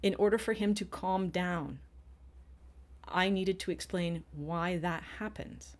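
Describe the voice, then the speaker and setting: A woman's voice: lowish voice, takes it slowly. A middle-aged woman co-hosting a podcast, telling a personal story in an earnest, casual way with frequent restarts. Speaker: podcast co-host.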